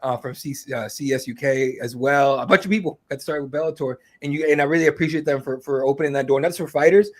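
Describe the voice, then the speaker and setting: A man's voice: mid-range voice, fast talker, few pauses. A man telling rambling fight stories in a casual podcast chat, full of fillers and swearing. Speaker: MMA reporter, guest.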